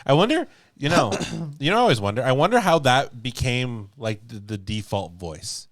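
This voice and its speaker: A man co-hosting a casual movie podcast, chatty and laughing often, with halting restarts. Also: mid-range voice, very animated. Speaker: podcast co-host. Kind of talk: casual chat.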